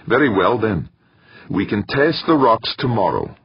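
A man's voice: fairly low pitch, big pitch swings, breathy edge, no room sound, muffled recording, pitched above the performer's own voice, full character voice. A man reading a stern older professor. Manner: formal, measured, pointed questioning. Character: stern older male professor chairing a meeting.

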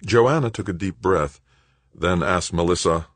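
A man reading an audiobook in a measured, dramatic narration. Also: deep voice, lively intonation, dry recording. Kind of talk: scripted narration.

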